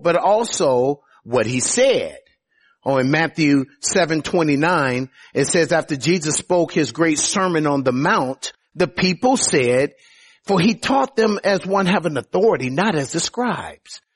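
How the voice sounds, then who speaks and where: Male preacher, husky voice, sermon, lively swings in pitch, slightly high-pitched. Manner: lively preaching, rising to emphatic highs, many "oh" openers.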